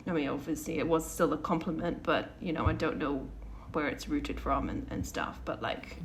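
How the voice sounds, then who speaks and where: Chatty woman co-host, lowish voice. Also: normal speed, slight background noise. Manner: rambling, restarts often, many fillers. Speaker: podcast co-host. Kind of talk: casual conversational storytelling.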